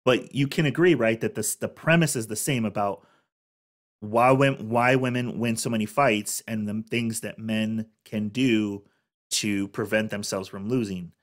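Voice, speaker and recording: A man's voice: fairly low pitch, a little slow. A man in his thirties hosting a reaction video, chatting casually, restarting sentences, laughing and groaning. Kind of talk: casual commentary.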